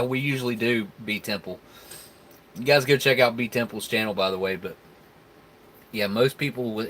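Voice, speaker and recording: A man's voice: mid-range voice, a bit bright, a little hiss or hum. A man, hosting a casual live stream where he tastes food and chats with viewers in a laid-back, rambling way. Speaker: live stream host reviewing military rations.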